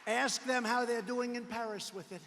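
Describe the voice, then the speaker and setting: A man's voice: extremely high pitch, steady tone, normal speed, crowd noise, background noise. A man giving a political rally speech in a large arena, emphatic, repetitive and digressive. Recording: reverberant arena hall.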